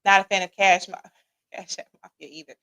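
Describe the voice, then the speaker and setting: A woman's voice: mid-range voice, fairly quick, smooth. A woman with a Midwestern American accent hosting a podcast livestream, joking casually and talking back to viewers in the chat. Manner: lively, joking, talks to the chat. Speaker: podcast host reading live chat.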